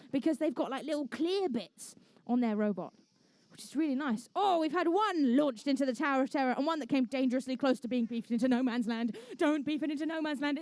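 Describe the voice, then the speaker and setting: A young English woman calls the action as referee, her voice pitched high and bright above most women's. She keeps up a playful, joking patter, and the sound is close and dry, with no room echo. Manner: playful, chatty, jokey asides. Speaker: referee and match commentator. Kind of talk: live event commentary. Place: indoor competition venue.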